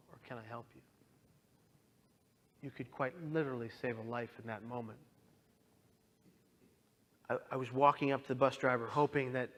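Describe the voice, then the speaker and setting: A man's voice: medium pitch, fairly bright tone. A man in his thirties giving an earnest, emotional talk about his own experience, sometimes voicing the people in his story. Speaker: speaker. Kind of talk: personal testimony talk.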